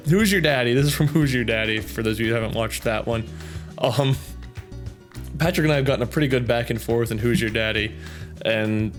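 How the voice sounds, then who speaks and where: Man, thirties, gaming channel host, casual comment reading, rambling, faint background music. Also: mid-range voice. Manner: chatty, rambling, self-amused.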